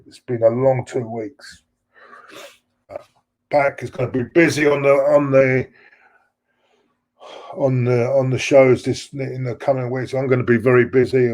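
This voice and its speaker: A middle-aged fan channel host, his mid-range voice a little mellow, rambles repetitively as he reads and responds to viewer messages during a live stream.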